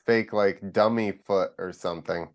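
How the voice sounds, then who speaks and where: A man's voice: sits low, fairly even intonation, normal speed. A man hosting a podcast in casual chat, recalling old stories and explaining things for his listeners.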